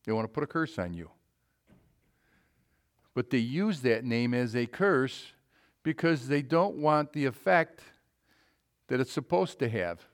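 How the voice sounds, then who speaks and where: A man delivering a sermon in an emphatic preaching manner. His voice sits in an ordinary middle pitch. He swings between loud, ringing calls and quiet, low asides. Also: animated, a little slow, long pauses.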